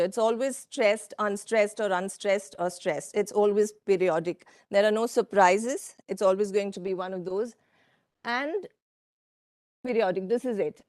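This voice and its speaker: A woman giving a workshop presentation from slides, speaking in a measured way with frequent fillers and asides to the audience. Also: mid-range voice, a little mellow, no room sound, clean studio sound. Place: conference room.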